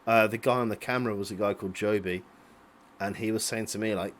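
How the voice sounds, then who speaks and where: A man's voice: lowish voice, steady tone, quick pace, slight background noise. A man in his late twenties giving casual, rambling commentary over old video clips, swearing freely and chuckling to himself. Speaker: vlogger.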